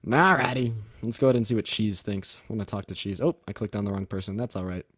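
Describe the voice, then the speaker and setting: A man's voice: fairly low pitch, fast talker, a bit bright, no room sound, studio quality. Young man hosting a livestream debate. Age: young adult. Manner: upbeat, thanks viewers for gifts, laughs often. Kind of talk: casual livestream chat.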